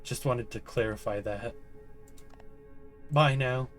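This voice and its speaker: A man voicing a timid young boy patient who talks softly and apologetically. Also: mid-range voice, slow pace, faint music behind, lightly acted. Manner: soft, apologetic, rambling.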